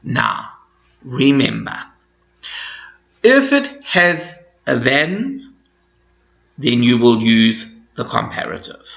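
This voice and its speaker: A man teaching an English grammar lesson to students, explaining slowly and patiently with lots of repetition. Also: mid-range voice, sing-song, gravelly, fairly bright tone. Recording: echoey room, dull lo-fi sound.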